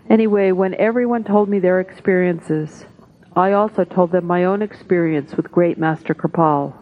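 Woman, devotional reader, solemn and measured, lower voice, thin phone-like sound. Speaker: satsang reader. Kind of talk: slow devotional reading aloud. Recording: tinny phone-like audio.

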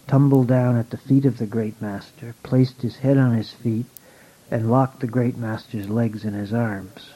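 A man calmly reading a spiritual story aloud at a measured pace. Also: mid-range voice. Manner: calm, measured. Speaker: reader. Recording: dull lo-fi recording.

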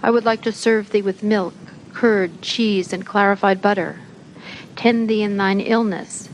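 An earnest young shepherd boy, as a woman reads him aloud, pleading his devotion a little louder than the telling around him. His pitch stays at her usual middle height. Faint background hiss sits behind the voice. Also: fairly even intonation, unhurried, natural voice, rough recording.

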